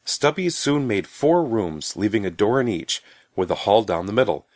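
Expressive male storybook narrator. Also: lowish voice, normal speed, dry recording, studio quality. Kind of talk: storybook reading.

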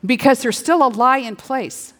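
A middle-aged woman preaching a sermon, playful and animated, slipping into little acted-out dialogues. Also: high voice, moderate pace. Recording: long hall reverb.

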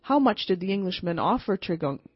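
A woman's voice: mid-range voice, lively intonation, brisk, breathy edge, no room sound, lo-fi sound. A woman reading the lines of a friendly, wry male American traveler in a first-person story.

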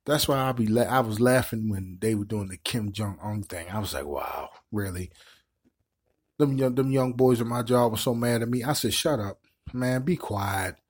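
Husky middle-aged man, preachy commentary. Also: medium pitch, fairly quick, hardly any pauses, a little mellow. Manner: preachy, repeats words while building points. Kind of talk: impassioned live-stream commentary.

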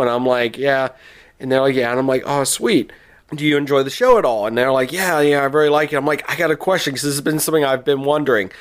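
A man co-hosting a podcast, telling a long rambling story with lots of restarts and quoted asides. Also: medium pitch. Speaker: podcast co-host. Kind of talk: casual chat.

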